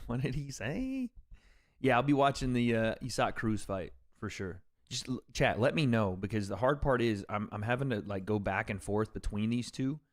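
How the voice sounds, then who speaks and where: A man's voice: mid-range voice, expressive, moderate pace. A man hosting a casual livestream, reacting to fights and joking with chat in a rambling way. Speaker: livestream host reading chat. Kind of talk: casual live commentary on fights.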